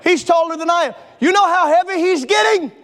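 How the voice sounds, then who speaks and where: A pastor in his forties preaching a sermon to a congregation in church, passionate and building to shouts. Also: extremely high pitch, a little fast, a little hiss or hum. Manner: impassioned, builds to shouting, stretches key phrases. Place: church sanctuary before a congregation.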